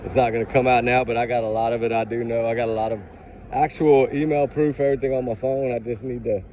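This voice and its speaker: A man's voice: medium pitch, fairly even intonation, quick pace, dark tone. Man, upset, preachy, casual vlog, outdoors, phone mic, dull audio. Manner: upset, preachy, Southern-style y'all talk. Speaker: true crime vlogger. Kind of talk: emotional casual vlog talk. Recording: dull lo-fi phone audio with faint street noise.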